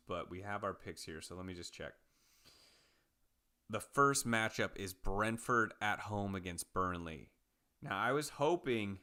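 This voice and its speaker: A man co-hosting a podcast, chatting casually about soccer picks and betting odds, relaxed and rambling with fillers. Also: low voice, clean tone. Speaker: podcast co-host. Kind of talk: casual sports betting chat.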